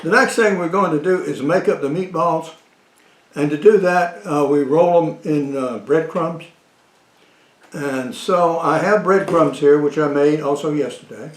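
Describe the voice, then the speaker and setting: A man hosting a casual cooking demonstration, talking in a slow, rambling way with frequent fillers and dry jokes. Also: a little high. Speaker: cooking show host. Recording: echoey room.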